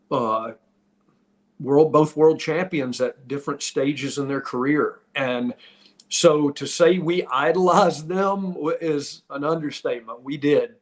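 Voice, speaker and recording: A middle-aged man hosting a podcast, telling wrestling stories in a casual, rambling way with many restarts. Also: mid-range voice. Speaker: podcast host, former pro wrestler. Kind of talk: casual storytelling.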